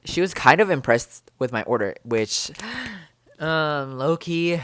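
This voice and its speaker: A young man chatting in a bubbly, rambling way for his vlog, full of fillers and excited exclamations. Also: medium pitch, dry recording, clean studio sound. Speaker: vlogger.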